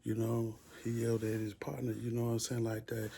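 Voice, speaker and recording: A man's voice: on the low side, completely flat delivery, brisk, gravelly, slight background noise. A man casually telling a rambling story full of slang and fillers. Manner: laid-back, rambling, heavy with fillers and slang; acts out the other inmates' shouting.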